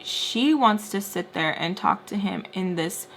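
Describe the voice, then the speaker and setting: A young woman in her twenties telling a story casually while doing her makeup, acting out quotes with lively pitch jumps and dropping to whispers. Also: measured pace, creaky, few pauses, slight background noise. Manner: animated, acts out quotes with shifting pitch and whispers. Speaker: storytime vlogger.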